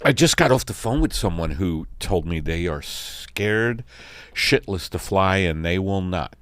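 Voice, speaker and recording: A man's voice: a little slow, no echo. A man in his sixties with a New York accent hosting a comedy podcast, riffing sardonically. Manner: gravelly, lively, sardonic riffing with sudden high put-on voices. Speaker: podcast host. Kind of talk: comedic casual chat.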